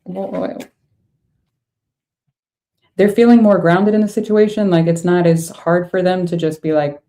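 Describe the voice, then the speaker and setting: A woman's voice: fairly low pitch, fairly even intonation, a little slow, pauses often, mellow. Blunt, exasperated woman reading tarot. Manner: blunt, exasperated, swears freely. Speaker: tarot reader. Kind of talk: casual tarot reading to camera.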